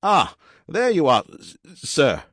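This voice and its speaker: A glitchy robot servant, male and fussily formal, who stutters over his words in a high, strained voice, louder than the narrator's own and with a strange, hollow timbre. He addresses everyone with stiff politeness. The audiobook recording is dry and close. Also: huge pitch swings, slow pace, dry recording, exaggerated voice. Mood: glitching. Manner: stammering, formal and proper.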